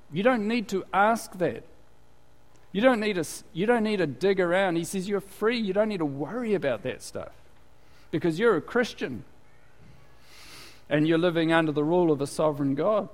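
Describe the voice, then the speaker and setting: A man's voice: high-pitched, expressive, moderate pace. A man preaching a sermon in a chatty, conversational way, full of asides and rhetorical questions. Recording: long hall reverb.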